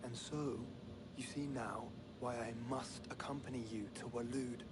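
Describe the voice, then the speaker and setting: An actor playing an earnest, formally spoken young scholar in a game, with noise behind. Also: male voice, medium pitch, steady tone, a little slow, natural voice.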